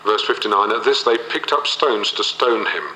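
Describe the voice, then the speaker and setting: A man's voice: lowish voice, moderate pace, bright, forceful tone, echoey room, big-room sound, slight background noise, low-quality recording. A man leading a Bible study, reading verses aloud and explaining them, with occasional fillers. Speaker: Bible teacher.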